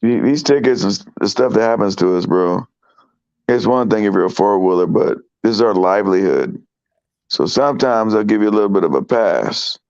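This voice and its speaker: Hoarse low-voiced man, sick. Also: fairly quick, darkish tone, lo-fi sound. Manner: slangy, emphatic, motivational. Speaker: trucker guest. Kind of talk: casual livestream chat.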